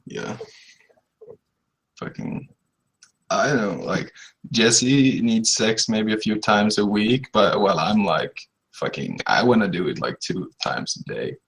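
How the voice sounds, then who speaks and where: A man with a lowish, husky voice who rambles in an easygoing way. He drops swear words casually as he chats. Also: expressive, slow pace, a bit bright, low-quality recording. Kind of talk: casual chat.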